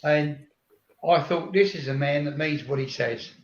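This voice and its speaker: An older man giving an earnest, slightly halting farewell speech on a video call. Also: fairly high pitch. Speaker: fan group member. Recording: roomy, dull video-call audio.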